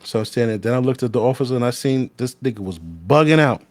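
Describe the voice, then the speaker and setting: A man's voice: mid-range voice, lively intonation, quick pace, no room sound. A man, a former corrections officer telling a story in casual, blunt, profane talk that often restarts mid-sentence.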